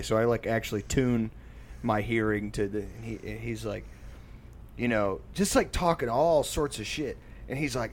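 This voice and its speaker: A man's voice: medium pitch, expressive, normal speed. A man telling a casual, rambling story full of filler words and profanity.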